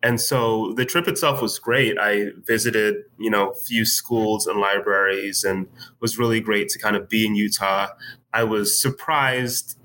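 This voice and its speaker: A man talking as a guest in a casual interview, telling a story in a relaxed way with many fillers. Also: fairly low pitch, measured pace, slight background noise, poor audio. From United States. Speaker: writer, podcast guest.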